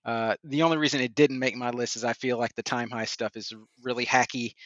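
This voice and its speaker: Bright-voiced man on a dull, dry mic. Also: mid-range voice, steady tone, a little fast, no echo. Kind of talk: casual movie discussion.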